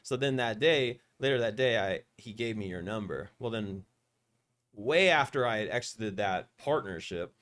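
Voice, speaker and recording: A man hosting a podcast, telling a long story in a rambling, profane, animated way. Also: fairly low pitch, normal speed. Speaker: podcast host. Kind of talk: casual storytelling interview.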